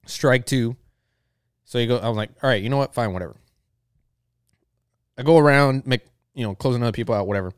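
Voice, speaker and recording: A man's voice: mid-range voice, fairly quick, pauses often, clear, resonant tone, no echo, studio quality. A man who works as a bartender telling a story as a rambling, profane rant full of filler words.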